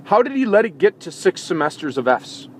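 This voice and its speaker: A man's voice: high voice, very animated, fairly quick, a little hiss or hum. A man hosting a sports talk show, giving an impassioned opinion monologue full of indignant rhetorical questions, recorded in a vehicle.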